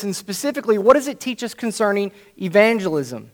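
High-voiced male preacher telling a story. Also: fairly quick. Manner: animated, acts out the scene, frequent "right?". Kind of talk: sermon storytelling.

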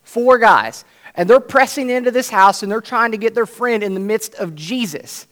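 Male preacher with a high voice, animated storytelling sermon that acts out each scene. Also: normal speed.

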